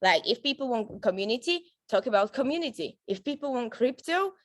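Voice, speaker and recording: On a dry recording, a woman with a higher voice and lively intonation talks a little fast. As a network marketing trainer, she gives her team a casual, cheerful session, chatty and laughing often, with frequent fillers and restarts.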